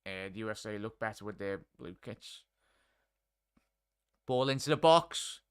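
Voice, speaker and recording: A man's voice: on the low side, animated, unhurried, smooth. A man hosting a live football watchalong, chatting with viewers as he calls the play. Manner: chatty, addresses chat and viewers by name. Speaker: watchalong host.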